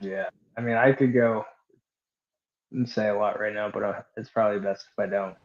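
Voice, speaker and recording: A man's voice: lowish voice, fairly even intonation, moderate pace, highs cut off. A man co-hosting a casual podcast, telling a loose, rambling, profane story with lots of fillers. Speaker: podcast co-host. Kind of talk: casual chat.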